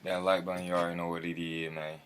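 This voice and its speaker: A man's voice: deep voice, little pitch movement, fast, noisy background. A man chatting casually on a livestream, full of slang, repeating his catchphrases and calling out his viewers by name.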